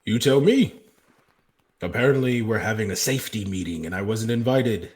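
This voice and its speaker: A man's voice: low-pitched, a little slow. A man voicing a charming, boastful male orc fighter in a tabletop game. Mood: defiant. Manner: smug, flirtatious.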